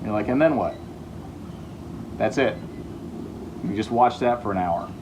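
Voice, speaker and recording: A man's voice: on the low side, unhurried, very echoey, recorded from a distance, noisy background. Joking man hosting a renovation vlog. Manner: playful, deadpan humor. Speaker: host of a home renovation show. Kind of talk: joking storytelling while renovating.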